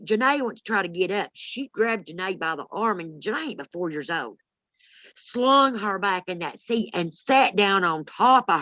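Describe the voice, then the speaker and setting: Woman, fifties, blunt salty storyteller, low voice, dry dull sound. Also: no room sound. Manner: blunt, salty, animated retelling. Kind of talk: casual storytelling chat.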